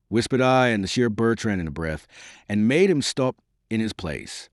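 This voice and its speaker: A male audiobook narrator with a low voice reads a historical novel in measured, expressive storybook style. His intonation rises and falls widely, and the close recording is completely dry. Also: no echo.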